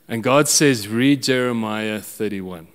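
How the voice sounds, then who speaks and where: A man's voice: on the low side, smooth, big-room sound. A man preaching a sermon, telling a personal story with many restarts and chuckles. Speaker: pastor.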